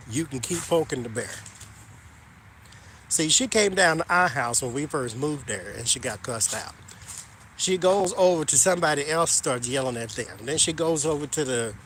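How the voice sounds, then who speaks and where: A man tells a story to his viewers with gossipy energy and a lot of emphasis. His voice sits a little high and swoops up and down all the time. Faint background noise hums underneath. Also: a bit bright. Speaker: vlogger. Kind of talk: casual storytelling to camera.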